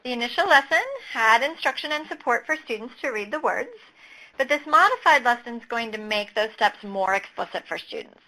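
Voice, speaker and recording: A woman's voice: fairly high pitch, sharp tone, rough recording. A woman presenting a teaching webinar, methodically walking through lesson steps with occasional fillers. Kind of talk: explanatory webinar talk over slides.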